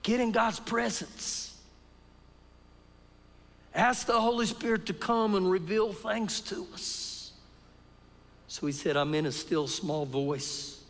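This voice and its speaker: A man preaching a sermon at a live church service, dropping to quiet, low passages and rising to loud, shouted peaks. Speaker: pastor. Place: church sanctuary. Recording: live church service in a big reverberant room.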